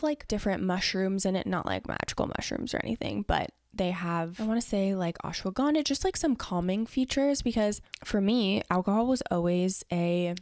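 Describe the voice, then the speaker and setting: A woman's voice: mid-range voice, a little mellow, dry recording, studio quality. A young woman hosting a podcast, answering listener questions in a casual, earnest solo chat full of "like" and "you know". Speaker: podcast host.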